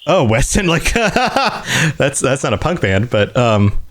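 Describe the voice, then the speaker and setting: A man co-hosting a casual podcast, laughing often as he browses and reacts out loud. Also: mid-range voice, slow pace. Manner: laughs often, animated, browses online while talking. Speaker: podcast co-host.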